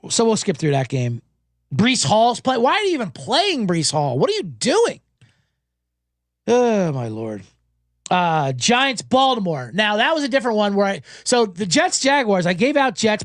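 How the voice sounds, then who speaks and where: Profane, jokey sports betting host. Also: male voice, sits high, no echo, studio quality. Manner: profane, rambling, jokey, puts on mocking voices. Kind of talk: casual sports betting recap.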